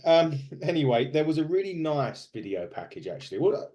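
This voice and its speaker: Pitched on the high side and very animated, this co-host talks fairly quickly with a dark tone. He's chatting casually on a podcast about wrestling, rambling and restarting with lots of fillers.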